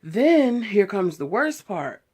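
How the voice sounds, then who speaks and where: A woman in her early thirties, telling a personal story to camera in a candid, animated way. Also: medium pitch, slow pace, husky. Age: 30s. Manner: candid, animated retelling, heated when quoting herself. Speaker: beauty vlogger.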